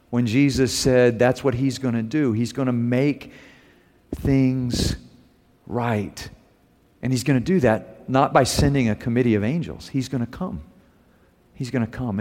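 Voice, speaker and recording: A middle-aged male preacher delivers a sermon in a church sanctuary, telling stories and lifting his voice loud on key phrases. The sound rings with a long hall reverb. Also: mid-range voice. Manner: animated storytelling, rising loud on key phrases. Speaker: preacher and homiletics teacher.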